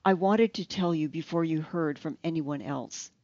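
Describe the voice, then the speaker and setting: An audiobook narrator reading the lines of a grieving man who speaks calmly and quietly. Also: medium pitch, normal speed, no room sound, natural voice. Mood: restrained. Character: grieving man on a video call, restrained. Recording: slightly dull, dry lo-fi recording.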